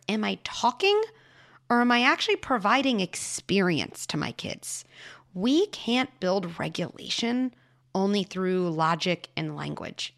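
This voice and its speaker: A woman hosting a show and giving parenting advice to a caller, explaining patiently and dropping into soft hushed asides. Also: mid-range voice. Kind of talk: advice talk answering a caller.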